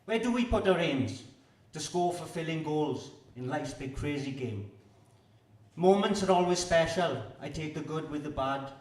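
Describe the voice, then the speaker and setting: A man performs a rhyming poem with a rhythmic, measured delivery. His voice is a little high for a man and sounds distant from the mic, carried in a roomy, echoing space. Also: expressive, darkish tone. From Wales. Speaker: performance poet. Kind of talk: poetry performance. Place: live venue with audience. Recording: echoey room, distant mic.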